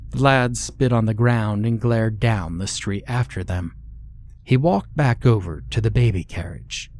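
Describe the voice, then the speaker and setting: A man reading a horror story aloud in slow, measured scripted narration. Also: fairly low pitch, darkish tone.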